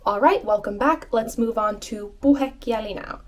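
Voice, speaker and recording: A woman giving an online language lesson, patiently repeating phrases slowly and clearly and encouraging her learners. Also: on the high side. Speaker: language teacher.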